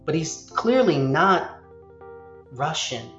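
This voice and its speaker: A roomy, slightly dull recording with faint music captures a man hosting a casual chat. His voice is fairly high-pitched and he takes it slowly, rambling in an animated way and acting out quotes as he goes.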